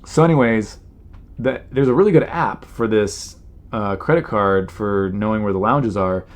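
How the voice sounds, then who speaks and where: A man's voice: fairly low pitch, moderate pace. A man hosting his podcast, telling stories in a rambling casual monologue full of "you know" fillers and exasperated imitations of people. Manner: mimics people in exasperated quoted asides. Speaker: podcast host.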